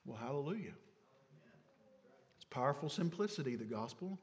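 A man preaching a sermon, swinging from loud emphatic phrases to hushed low words. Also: measured pace, slight background noise. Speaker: pastor. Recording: long hall reverb.

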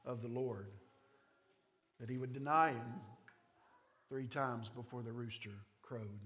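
A man's voice: medium pitch, a bit bright. A man with a Kentucky mountain accent preaching a sermon, telling the story with animation and acting out quoted voices. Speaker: pastor. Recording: long hall reverb.

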